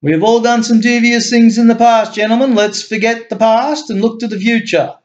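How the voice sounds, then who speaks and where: A man's voice: very high voice, fairly even intonation, normal speed, highs cut off, voice pushed up. A man voicing a genial, commanding male head of state in a homemade story reading, talking in a hearty, expansive way that swoops upward. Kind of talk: amateur story reading with voices.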